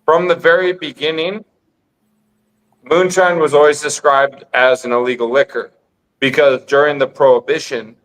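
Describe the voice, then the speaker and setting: A man's voice: a little high, steady tone, normal speed, fairly bright tone, rough recording. A man in casual podcast chat, rambling and insistent, repeating himself as he explains. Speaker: guest on call-in podcast.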